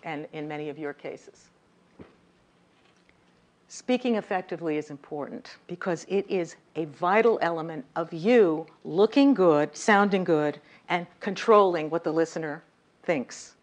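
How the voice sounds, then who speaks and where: A communication coach leads a workshop lecture in a lecture room, talking directly to her audience and stressing words to demonstrate her points. Her voice is on the low side and a little slow.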